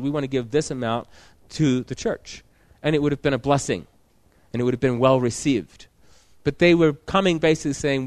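A man's voice: mid-range voice, darkish tone, dry recording. Man preaching, reading scripture, dry sound. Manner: reads scripture aloud then explains it with repeated restarts.

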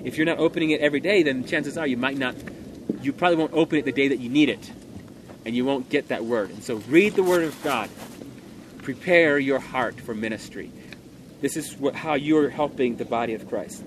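A man delivering an earnest, emphatic sermon, speaking loudly so everyone can hear. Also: mid-range voice, fairly quick, noisy background. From Montana. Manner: earnest, emphatic, loud to carry in a room. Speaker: preacher.

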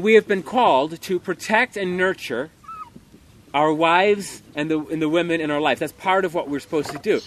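A man delivering an earnest, emphatic sermon, speaking loudly so everyone can hear. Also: on the high side. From Montana. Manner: earnest, emphatic, loud to carry in a room. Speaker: preacher.

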